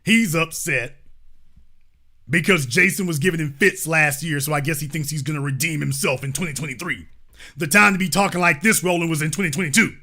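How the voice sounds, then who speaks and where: A man's voice: on the high side, fairly quick, sharp tone. A man hosting his own political commentary show, talking in an emphatic, mocking way and repeating his lines for effect. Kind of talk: animated political commentary monologue.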